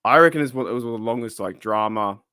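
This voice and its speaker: A man's voice: mid-range voice, racing, pushed and bright, clean tone, no room sound, clean studio sound. An Australian man hosting a casual livestream talk show, rambling with restarts and reading viewer comments aloud. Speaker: podcast host. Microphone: livestream microphone.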